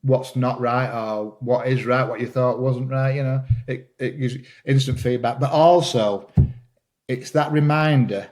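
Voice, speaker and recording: Halting, enthusiastic man chatting. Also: mid-range voice, fairly even intonation, darkish tone. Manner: halting, repeats words often when starting a thought; enthusiastic, laughs while talking. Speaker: podcast guest, green woodworker. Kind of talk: casual conversation.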